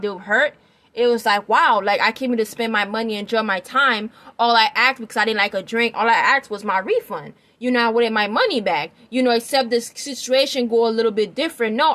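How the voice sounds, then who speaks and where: Rambling woman vlogger, slightly high voice. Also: fairly bright tone. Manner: rambling, emphatic, keeps checking listener is following. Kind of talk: opinion commentary.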